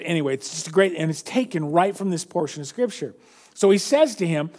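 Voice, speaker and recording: A man with a fairly high voice preaching a sermon. He reads scripture aloud, sinking low and quiet for the quoted words, then explains it in a loose, conversational way and corrects himself as he goes. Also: lively intonation, brisk. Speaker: pastor.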